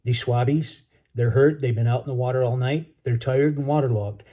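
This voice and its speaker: A man voicing a kindly, gruff Marine who talks in folksy slang to calm a scared boy. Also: medium pitch, normal speed, close to an everyday voice. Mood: reassuring. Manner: folksy, reassuring, drawling slang.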